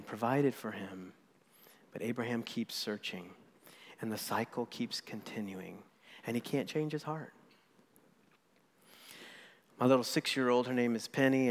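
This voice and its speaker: A man, a pastor in his thirties, preaching a sermon with earnest emphasis that swings between loud points and soft near-whispers. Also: medium pitch, a little hiss or hum. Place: church sanctuary. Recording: long hall reverb.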